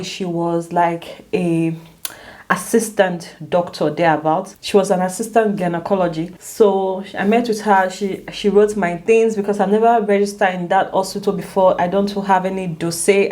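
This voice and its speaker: A woman vlogger telling a personal story in a casual, emotional way, with many restarts and big swings in pitch. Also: a little mellow.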